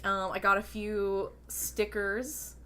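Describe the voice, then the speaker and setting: A woman's voice: mid-range voice, flat delivery, slow pace, fairly bright tone. A woman on a podcast chatting casually in a laid-back way, with lots of "yeah" and "um". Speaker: pro wrestler, podcast co-host. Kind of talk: casual chat.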